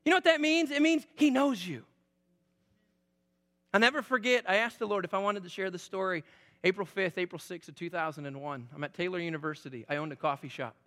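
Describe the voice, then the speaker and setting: A man in his forties preaching a sermon as a pastor, conversational and animated, rising to loud emphasis. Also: high-pitched. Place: church sanctuary. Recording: echoey church hall.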